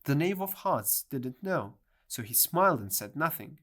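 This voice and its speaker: A reader narrating a storybook in a clear, measured way. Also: medium pitch, sing-song, a bit bright. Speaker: audiobook reader.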